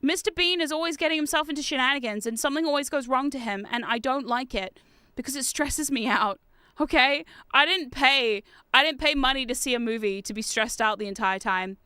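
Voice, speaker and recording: Bright, clear-voiced woman telling rambling stories. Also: high-pitched, a little fast, no room sound. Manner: rambling, animated storytelling with swearing. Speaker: streamer. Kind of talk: casual chat while gaming on stream.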